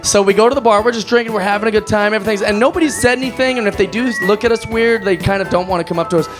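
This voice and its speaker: Comedian, male, high voice, rambling self-mocking storyteller, music behind. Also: racing. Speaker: stand-up comedian. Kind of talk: stand-up storytelling.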